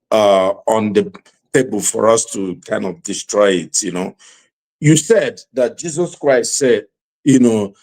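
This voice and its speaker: A man hosts a casual panel debate in a middle-pitched voice. He circles with fillers and restarts, then presses his case firmly. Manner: halting, many fillers, then forceful argument. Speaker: talk show host.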